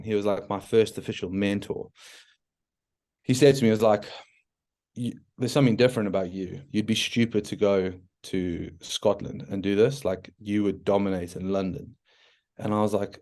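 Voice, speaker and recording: A man from South Africa with a South African accent, a podcast guest telling his story in a frank, animated way, full of restarts and "like" fillers. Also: fairly low pitch. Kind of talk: casual storytelling interview.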